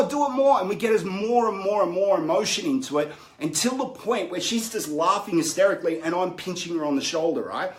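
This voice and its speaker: A man with a slightly high voice leads a coaching session and mixes teaching with personal stories. He keeps checking in with his listeners as he goes. The sound is roomy and echoey. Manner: conversational, keeps checking in with "right?" and "make sense?". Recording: roomy echo.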